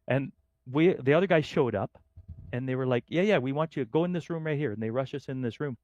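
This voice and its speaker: Middle-aged guy from up north in canada telling a story on a podcast, animated, does little voices for people, mid pitch, dry sound. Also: brisk, no echo, dull audio. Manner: lively, acts out quoted voices in his anecdotes. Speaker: podcast guest. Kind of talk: casual storytelling.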